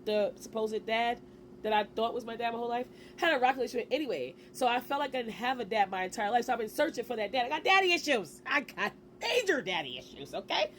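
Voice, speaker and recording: A woman in her forties telling a personal story to camera in a casual, animated way, with slang and quick asides. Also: on the high side, slight background noise. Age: 40s. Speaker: vlogger.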